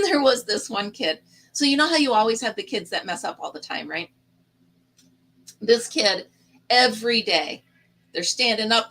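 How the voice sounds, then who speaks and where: A woman's voice: medium pitch, pushed and bright, poor audio. A middle-aged woman hosting a casual live chat stream, telling stories in a chatty way and laughing often.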